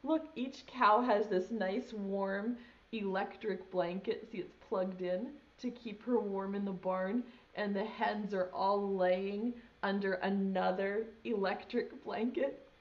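A young woman, a preschool teacher, reads a picture book aloud at a slow, patient pace. She pauses often to ask the little ones questions. The recording sounds dull and lo-fi. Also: medium pitch, fairly even intonation. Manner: gentle, asks children questions as she reads. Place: home video lesson.

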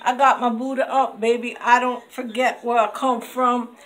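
A woman giving a rhyming, slangy, boastful sales pitch for her homemade skincare products, swinging between loud hype and low murmurs. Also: flat delivery, moderate pace. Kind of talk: hyped home product showcase.

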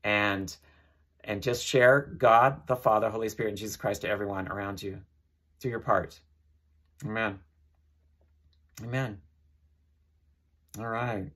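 Male preacher, low husky voice, earnest, repetitive prayer-leading delivery. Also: fairly even intonation, a little slow, pauses often, a bit bright. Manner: earnest, leads listeners in prayer, repeats phrases. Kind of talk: informal sermon.

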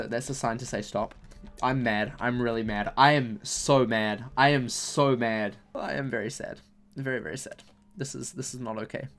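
A young man commentating casually as he opens game packs, complaining in exasperated, repetitive bursts about his bad luck. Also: mid-range voice. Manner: exasperated, repeats himself, mock-angry complaints. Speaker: gaming YouTuber.

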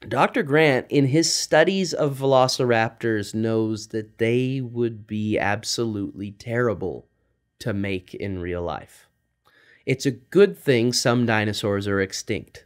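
Animated man telling kids a story. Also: medium pitch, measured pace. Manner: animated, quizzes young listeners. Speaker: children's storyteller. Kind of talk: retelling a film story for kids.

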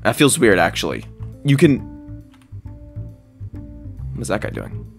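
A man giving excitable, jokey commentary while playing a survival game, squealing high whenever he is delighted. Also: unhurried, creaky, soft background music. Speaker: gaming video creator.

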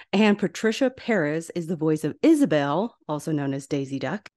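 A young woman talks through a film rewatch in a relaxed, chatty podcast style. Her voice sits a little low for a woman, and she gushes with enthusiasm as she goes. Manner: gushing, enthusiastic, chatty with laughs. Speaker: podcast host. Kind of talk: casual film rewatch commentary.

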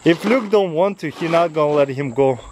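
A man's voice: a little high, expressive, a little fast. A man vlogging outdoors with his dogs, laughing often as he coaxes and praises them. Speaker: dog owner vlogging his huskies. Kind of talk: casual outdoor vlog, talking to his dogs. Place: outdoors in a yard. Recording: loud outdoor background noise.

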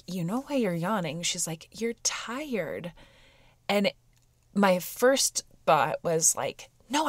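Candid woman musing, low and dry. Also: dry recording. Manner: candid, meandering, with frequent fillers. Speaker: podcast host. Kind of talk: reflective personal podcast monologue.

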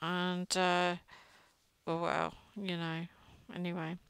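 A woman's voice: fairly low pitch, monotone, slow, vocal fry, a bit bright, clear, resonant tone, no room sound, poor audio. A middle-aged woman chatting and gossiping while she crochets, often trailing off mid-sentence. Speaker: crochet vlogger. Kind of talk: casual chat while crocheting.

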